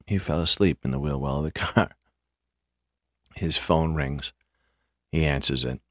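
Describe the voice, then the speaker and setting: A man hosting a podcast, telling a story casually in a halting way, often repeating words, with dry understatement. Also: a bass voice, lively intonation, fairly bright tone, dry recording. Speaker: podcast host.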